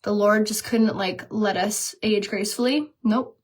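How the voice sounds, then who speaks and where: A chatty woman in her thirties talks straight to her viewers while she does her makeup. She tells self-mocking stories, laughs at her own mix-ups and speaks in a casual, everyday way. Her pitch sits in the middle for a woman. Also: measured pace, a little hiss or hum. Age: 30s. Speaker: beauty vlogger.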